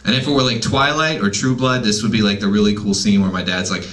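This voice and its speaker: A man's voice: on the low side, fairly even intonation, fast talker, hardly any pauses, fairly bright tone. A man in his thirties doing a wry, self-deprecating stand-up comedy set at an open mic night.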